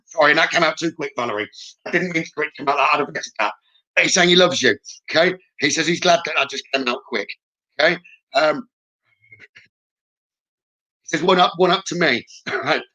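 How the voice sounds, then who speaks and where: Bright-voiced male psychic medium. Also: on the high side, normal speed, pauses often, low-quality recording. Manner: reassuring, often checks in with "okay?". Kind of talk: live mediumship reading.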